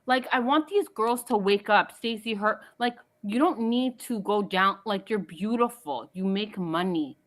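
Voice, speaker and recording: A woman's voice: medium pitch, unhurried, hardly any pauses. Fired-up woman caller scolding the cast. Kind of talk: opinionated call-in commentary.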